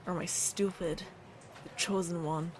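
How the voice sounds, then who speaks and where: A woman's voice: on the low side, fairly even intonation, moderate pace, darkish tone, a little hiss or hum. A woman streaming casually, reading viewer submissions aloud and repeating words with a playful laugh.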